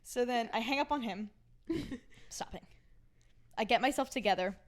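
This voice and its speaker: A young American woman co-hosting a podcast, telling a travel story in casual chat, animated, laughing often and acting out the voices of the people she quotes. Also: a little high, normal speed. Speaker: podcast co-host.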